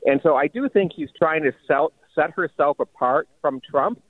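Male radio caller, slightly higher voice, casual and opinionated, tinny phone line. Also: moderate pace, husky, no room sound. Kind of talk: call-in comment.

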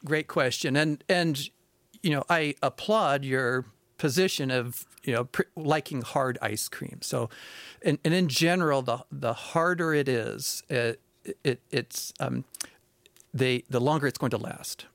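A man's voice: mid-range voice, a little slow, a bit bright, no room sound. A middle-aged man, a food science professor, answering callers on a radio show with many restarts and fillers.

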